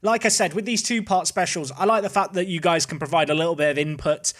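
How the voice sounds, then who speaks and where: A man's voice: a little high, fast, a bit bright. A man hosting casual gameplay commentary, chatty and thinking aloud as he plays. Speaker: host.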